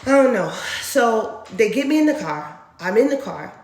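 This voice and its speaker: A woman from Dallas, telling a personal faith testimony in a lively way, acting out sounds and laughing often. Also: fairly high pitch, moderate pace, noisy background. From Dallas, Texas. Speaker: storyteller sharing a faith testimony. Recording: roomy echo.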